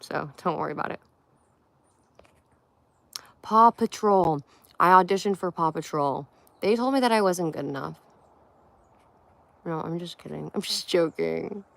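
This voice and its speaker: A woman's voice: sits low, animated, moderate pace, gravelly, dry recording. Chatty young woman on a livestream. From Connecticut, USA. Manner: chatty, playful, answers chat one by one. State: tired. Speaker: livestream host. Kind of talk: casual livestream chat reading comments.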